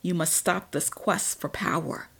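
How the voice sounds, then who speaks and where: A woman's voice: lowish voice, a little slow, creaky, fairly bright tone, husky, full character voice. A woman reading the lines of a stern, cautious, centuries-old male vampire in an audiobook, grave and warning.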